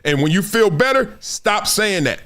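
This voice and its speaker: A man hosting a sports talk stream in a casual, slangy, animated way, laughing often. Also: high-pitched, normal speed. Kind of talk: casual live-stream commentary.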